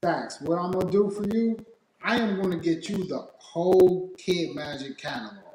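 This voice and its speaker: High, lively man drawling in an echoey room. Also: slight background noise. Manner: drawn-out, playful interjections. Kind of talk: casual podcast chat.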